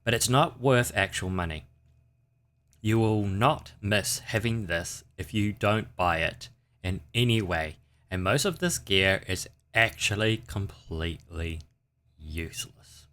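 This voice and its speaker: A man's voice: low voice, unhurried, fairly bright tone. A man hosting a casual livestream, rambling and chatting with his viewers. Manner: rambling, chatty, talks to chat. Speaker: livestream host.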